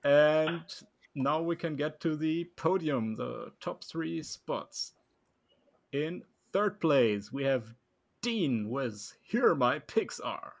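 A man with a German accent hosts a relaxed podcast chat. He announces rankings at an unhurried pace and breaks into laughter easily. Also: a little high, creaky. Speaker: co-host.

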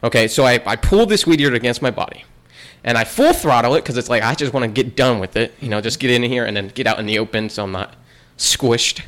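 A man's voice: medium pitch, fast talker, fairly bright tone. A young man in casual chat, telling a long story with many restarts and bursts of laughter.

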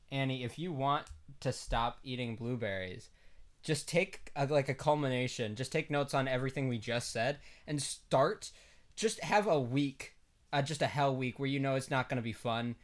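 A man co-hosting a casual podcast, playful and often laughing as he gives mock advice. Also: medium pitch. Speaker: podcast co-host. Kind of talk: casual chat.

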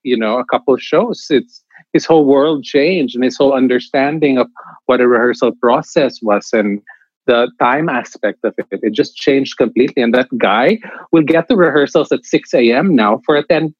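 Male theatre mentor, interview guest, emphatic and restarting often, mid pitch, dull dry sound. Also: moderate pace, no echo. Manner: emphatic, animated, many restarts. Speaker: theatre director and acting mentor. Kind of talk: candid interview answers.

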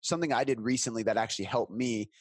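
A man's voice: medium pitch, fast, breathy edge, no room sound. A man talking casually as a content creator on a podcast, earnest and reflective, with some swearing.

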